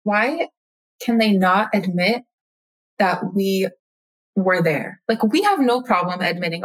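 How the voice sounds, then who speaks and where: A woman's voice: medium pitch, expressive, slow, pauses often, rough recording. A woman co-hosting a podcast in casual chat, talking with passion and indignation. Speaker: podcast co-host.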